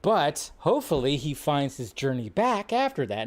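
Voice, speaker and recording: A man's voice: fairly high pitch, moderate pace. Rambling man hosting a live stream. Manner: rambling, animated, many restarts and fillers. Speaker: host. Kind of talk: casual live-stream chat.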